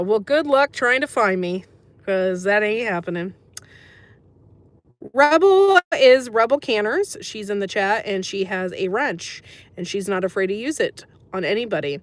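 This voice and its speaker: A woman's voice: fairly high pitch, lively intonation, normal speed, no echo. An American woman hosting a casual livestream, chatting with viewers and reading their comments aloud, with many ums. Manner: chatty, says um often, sympathetic. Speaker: livestream host reading chat.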